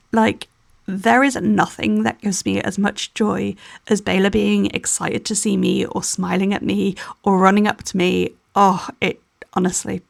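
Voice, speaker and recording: A young woman talks in a tired, candid voiceover that wanders and restarts. Her voice has a gravelly, fry-edged texture. It is recorded close up in a dry space. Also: medium pitch, no room sound. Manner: candid, rambling with restarts and little laughs. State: tired, yawning. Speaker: planner vlogger. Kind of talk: personal voiceover chat.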